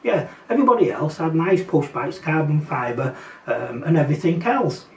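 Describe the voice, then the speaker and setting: A man's voice: on the high side, very animated, normal speed. Sarcastic Yorkshire man ranting in a roomy space. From Yorkshire, England. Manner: sarcastic, blunt, rambling with fillers and mocking asides. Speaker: vlogger. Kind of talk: casual opinion rant. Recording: roomy echo, distant from mic.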